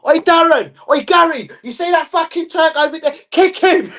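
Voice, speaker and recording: A man puts on a raging touchline father from who yells swear words across the pitch. The voice jumps far above his own and is pushed loud and hard. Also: normal speed. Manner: shouting profanity. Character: furious loud sideline football dad.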